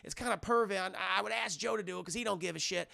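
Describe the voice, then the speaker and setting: A man's voice: sits high, rapid-fire, creaky, sharp tone, exaggerated voice. A man voicing a fussy, sickly old man who whines and mumbles and rambles on, as a comic impression. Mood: weak. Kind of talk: comic impression in a live-stream review.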